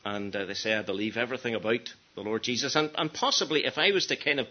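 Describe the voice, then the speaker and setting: A man preaching a gospel sermon, earnest, dropping to hushed tones and then rising to emphatic peaks. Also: medium pitch, quick pace. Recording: dull lo-fi sermon recording.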